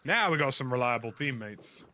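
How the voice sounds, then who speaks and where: A young British man talks loosely over his gameplay, circling back on his points with a frank, rambling manner. His voice sits at an ordinary mid pitch, and a steady wash of game noise runs under the recording. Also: moderate pace. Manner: chatty, rambling, frank opinions. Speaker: gaming streamer. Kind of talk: casual commentary while playing. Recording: noisy game audio underneath.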